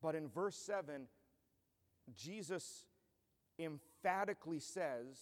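A man pastor delivers an earnest, emphatic expository sermon in a fairly high voice. His speech carries a long reverb from a large church hall. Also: measured pace.

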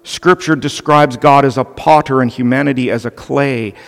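Animated pastor preaching in a reverberant hall. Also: male voice, medium pitch, normal speed. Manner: earnest and animated, with playful asides to the children. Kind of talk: sermon. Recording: long reverb of a large hall.

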